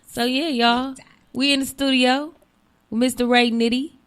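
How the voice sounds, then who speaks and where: A woman's voice: high-pitched, level tone, a little slow, clear, resonant tone. A woman hosting a casual studio chat, playful and laughing a lot. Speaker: host.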